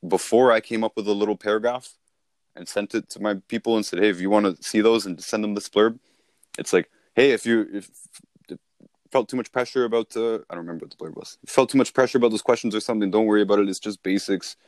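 A man's voice: on the low side, fast, darkish tone, no echo, clean studio sound. A man talking casually as a sales coach, repeating and restarting himself as he explains.

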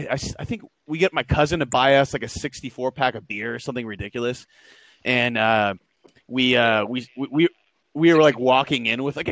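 A man's voice: medium pitch, a bit bright, no echo. A young man hosting a casual podcast, rambling through stories with lots of fillers and restarts. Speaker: podcast host.

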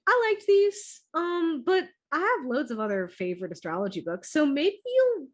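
A woman co-hosting a casual astrology podcast, talking in an excitable, giggly, hyped way. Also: sits high, moderate pace. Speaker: podcast co-host. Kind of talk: casual chat.

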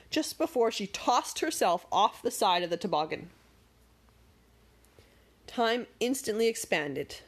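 Expressive woman reading a storybook. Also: lowish voice, breathy edge. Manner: expressive, dramatic pacing. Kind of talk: storybook narration.

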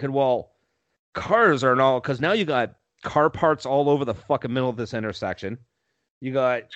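Casual male podcaster, profane and jokey storyteller, mid pitch, dry muffled audio. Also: dry recording. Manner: profane, laughing, animated storyteller. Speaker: podcast co-host telling a story.

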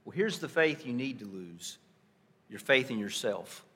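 Bright-voiced preacher in a reverberant hall. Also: male voice, mid-range voice, animated, a little slow, slightly rough. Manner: dramatic shifts between soft hushed lines and loud emphatic ones; asks the congregation rhetorical questions. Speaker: pastor. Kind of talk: sermon.

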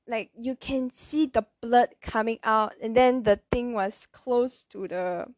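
A woman with a Malaysian English accent tells a story in a loose, chatty way, correcting herself and dropping slang along the way. Her voice sits a bit high. The recording is dry and close. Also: slow pace, few pauses, dry recording. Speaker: vlogger. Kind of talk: casual storytelling.

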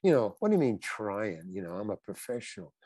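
A man's voice: fairly low pitch, sing-song, dark tone, slightly rough, no room sound. An older man, a guest actor, telling rambling stories in a casual interview, often breaking off and restarting his sentences. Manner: rambling anecdotes with halting restarts.

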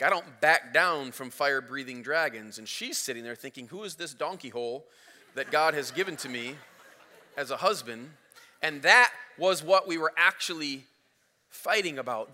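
Bright-voiced male pastor in a hall. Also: a little high. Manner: animated storytelling with rising volume. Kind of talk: sermon. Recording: reverberant hall.

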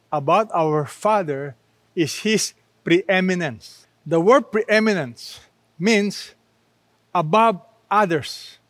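A man preaching a sermon as pastor, slow and emphatic, asking rhetorical questions. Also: sits high, no echo.

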